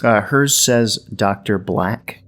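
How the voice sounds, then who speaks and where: Male game master with a low voice, easygoing halting delivery, soft music under. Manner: loose, hesitant narration with fillers. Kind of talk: narrating a tabletop game.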